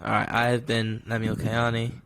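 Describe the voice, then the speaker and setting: Against slight background noise, a young man co-hosts a podcast in a completely flat, medium-pitched, somewhat bright voice at a moderate pace. His casual chat wanders, turns self-deprecating, and is full of laughter.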